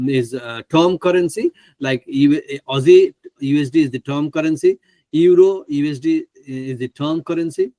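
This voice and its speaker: A man's voice: medium pitch, a little mellow, dry recording, poor audio. A man teaching a live online trading class, speaking with many fillers and restarts into a computer microphone on a video call. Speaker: trading instructor.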